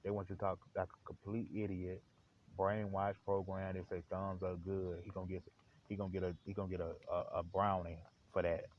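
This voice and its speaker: A man's voice: low voice, little pitch movement, fairly quick. A man hosting a live stream, rambling in slang with lots of fillers. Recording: dull lo-fi with faint hiss.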